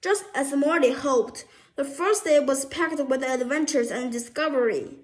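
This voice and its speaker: A woman's voice: high-pitched, measured pace. A woman reading a children's storybook aloud, often stumbling and restarting words.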